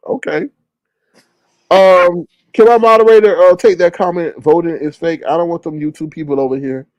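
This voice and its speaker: A man hosting a casual livestream chat, talking in a teasing, animated way. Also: a little high, moderate pace, no room sound. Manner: animated, teasing, Southern US Black vernacular speech. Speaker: livestream host.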